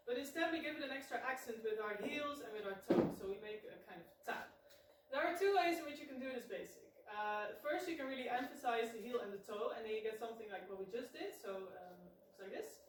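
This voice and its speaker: A woman teaching dance, calmly explaining footwork variations step by step with small fillers. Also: on the high side, a little fast, long pauses. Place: large echoey dance room, from far off. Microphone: far camera mic. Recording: echoey room, far mic, loud noise.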